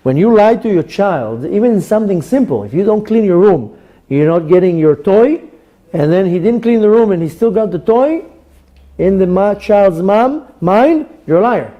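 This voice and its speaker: A rabbi teaches a Torah class to a live audience, animated and acting out little dialogues as he goes. His voice is high-pitched at a moderate pace, and the audio sounds dull.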